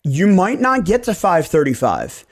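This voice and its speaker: A man from the Baltimore area hosting a casual real estate podcast, talking in an animated way and acting out conversations with clients. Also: sits high, measured pace. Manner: animated, acts out client conversations in quoted voices.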